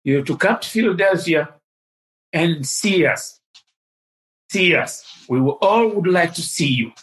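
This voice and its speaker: A kindly older gentleman speaks in a humble, laid-back way, eager and pleading, as a man acts him out. His voice sits a little above the teller's own. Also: fairly high pitch, animated, a little slow, pitched above the performer's own voice.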